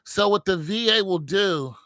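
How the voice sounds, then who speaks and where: A man's voice: high voice, lively intonation, normal speed, sharp tone, no echo, studio quality. A middle-aged man, a military veteran, talking casually and candidly to his viewers, rambling with many fillers.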